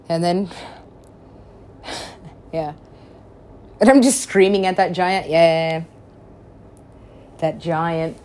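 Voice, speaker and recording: Woman, casual rambling storyteller, lowish voice, laughs and curses freely, animated self-quotes. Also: slow, long pauses. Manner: giggly, swears a lot, acts out her own quotes with big pitch swings.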